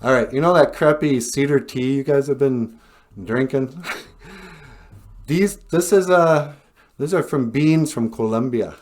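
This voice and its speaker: A man's voice: medium pitch, slow, pauses often, a little mellow, voice pushed up, close to an everyday voice. A man voicing a friendly, easygoing white soldier who likes to show off. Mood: cheerful. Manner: breezy, chummy, showing off.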